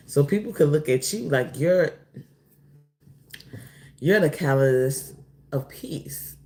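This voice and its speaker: Low slow woman doing a card reading, rambly, keeps saying sorry. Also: animated, darkish tone. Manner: slow, drawling, rambling with many apologies. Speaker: tarot reader. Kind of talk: casual oracle card reading.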